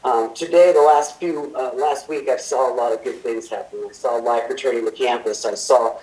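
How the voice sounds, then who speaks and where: A man's voice: mid-range voice, fairly even intonation, brisk, a little mellow, distant mic. A man giving a friendly, upbeat report as association president at a board meeting. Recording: echoey hall, from afar.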